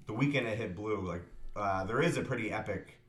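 A man co-hosting a movie podcast, talking in a relaxed, halting, conversational way. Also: fairly low pitch, echoey room. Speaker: podcast co-host. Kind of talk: casual chat.

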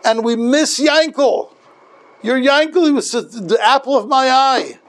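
A man voicing a gentle, fatherly elderly rabbi who pleads earnestly for an orphan boy. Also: very high voice, a little slow, pitched above the performer's own voice, exaggerated voice. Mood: tender.

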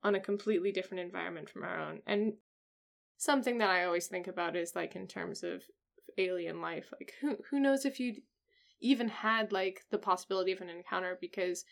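A woman's voice: on the low side, brisk, gravelly. A woman co-hosting a podcast, talking casually with lots of fillers and easy laughter. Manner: chatty, filler-heavy, laughs often. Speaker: podcast co-host. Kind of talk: casual chat.

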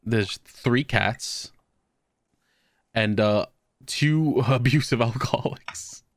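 A young man tells long, meandering stories in casual chat, swearing freely and laughing through them. His voice sits at an ordinary middle pitch. The sound is close and dry, with no room around it. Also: slow, no room sound. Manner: rambling, profane storytelling with laughs.

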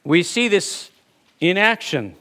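A man preaching a conversational sermon, asking rhetorical questions and pausing for emphasis. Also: high voice, big pitch swings, pushed and bright. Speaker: pastor.

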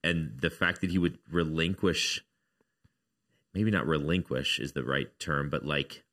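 Deep voiced guy in a casual faith chat, earnest and thoughtful. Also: steady tone, measured pace, fairly bright tone. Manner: earnest, reflective arguing.

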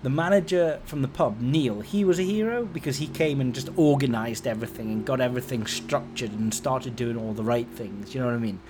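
A man's voice: fairly quick, few pauses, noisy background. Man in his forties telling a story. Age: 40s. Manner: rambling, conversational, lively swings in pitch and loudness. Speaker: podcast host. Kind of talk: casual storytelling.

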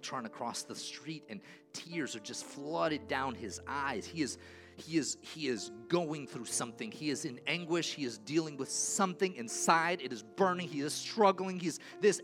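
A male pastor preaching a sermon, moving between quiet storytelling and loud, impassioned calls. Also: mid-range voice, expressive, moderate pace, music in the background. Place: church sanctuary.

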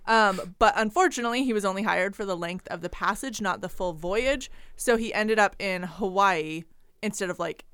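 A woman's voice: mid-range voice, moderate pace, fairly bright tone, clear, resonant tone, no room sound. A young woman co-hosting a podcast, chatting casually and giggling as she retells a writer's life story on a close mic. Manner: chatty, giggly, lots of fillers. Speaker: podcast co-host. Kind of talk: casual chat, retelling history.

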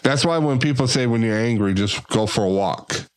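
A man's voice: mid-range voice, moderate pace, dry recording. A man hosting a casual podcast conversation, talking in an easygoing, reflective way. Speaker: podcast host.

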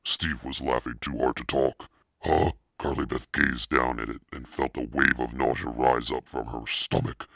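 A man reading a children's story aloud in a steady, expressive narration. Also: a bass voice, moderate pace, few pauses, no room sound, clean studio sound. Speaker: audiobook reader.

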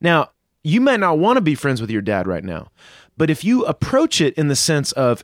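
Man, father, co-host, earnest storytelling, lots of ums, mid pitch, lively intonation, dry sound. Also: moderate pace, few pauses, no echo. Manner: earnest storytelling with frequent fillers. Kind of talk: casual advice talk with personal story.

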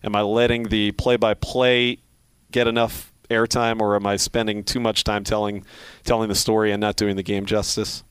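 Middle-aged male sportscaster, faint Philly accent, low voice, dry close mic, thoughtful and halting. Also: little pitch movement, a bit bright, clean tone, dry recording. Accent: faint Philadelphia. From Philadelphia. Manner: reflective, many restarts and fillers. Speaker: sports play-by-play broadcaster. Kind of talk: casual interview talk.

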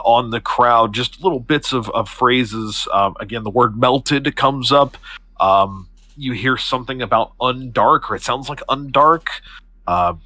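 A man's voice: medium pitch, bright, forceful tone, no echo. A man narrating as game master of a tabletop game, with a hesitant, filler-heavy delivery.

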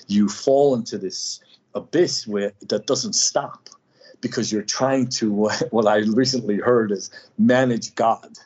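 A man speaking as a guest healer, telling personal stories in a halting way with many fillers and restarts. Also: on the low side, darkish tone, slightly rough. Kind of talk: personal storytelling in conversation. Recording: slightly dull lo-fi audio.

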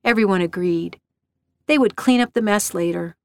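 A woman reading a short story aloud with a steady, even storytelling delivery. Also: medium pitch, moderate pace, no echo, clean studio sound. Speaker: narrator.

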